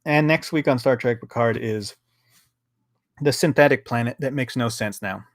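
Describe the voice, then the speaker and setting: A man's voice: mid-range voice, moderate pace, a little hiss or hum. A young man co-hosting a casual review chat, ranting and swearing as he acts out quotes from the show. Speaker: podcast co-host.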